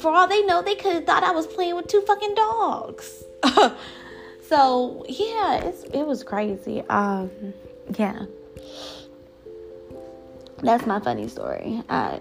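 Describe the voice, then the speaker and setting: A young woman vlogger telling a rambling story in a casual, profane, animated way. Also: sits high, vocal fry.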